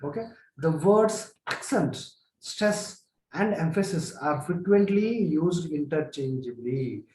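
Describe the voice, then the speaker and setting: A man with an Indian accent giving a spoken lecture, earnestly explaining and repeating himself with many pauses. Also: a little high, animated, a little mellow, a little hiss or hum. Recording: echoey room.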